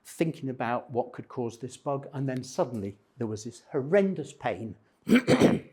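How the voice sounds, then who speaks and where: Retired man in his sixties, slightly husky, spins wry personal stories for a friendly crowd. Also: medium pitch, animated, unhurried, a little mellow. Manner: self-deprecating, humorous anecdotes. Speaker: speaker at a men's breakfast.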